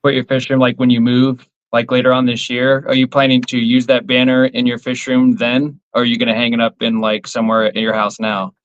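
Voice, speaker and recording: A man's voice: mid-range voice, completely flat delivery, fairly quick, few pauses, muffled recording. A man joining a live stream as a guest, chatting casually and asking the host friendly questions. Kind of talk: casual chat.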